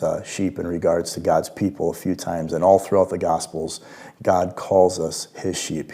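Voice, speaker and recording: Man, deep voice, mellow tone, gentle reflective devotional talk. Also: gravelly, breathy edge. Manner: gentle, reflective, with hushed quiet passages. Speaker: worship leader giving a devotional.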